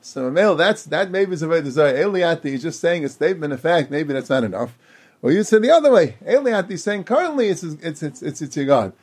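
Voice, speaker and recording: A man teaches Talmud in a high, lively voice. His pitch swings widely as he explains the texts in a sing-song lilt. He quotes lines along the way as he reasons aloud. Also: brisk, husky. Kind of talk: Talmud lecture.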